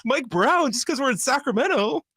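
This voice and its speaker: A man putting on a high, mocking voice to play a defensive fellow sports radio host. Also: animated, moderate pace, bright, forceful tone, slightly rough, dry recording, clean studio sound, exaggerated voice. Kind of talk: comic impression on sports radio.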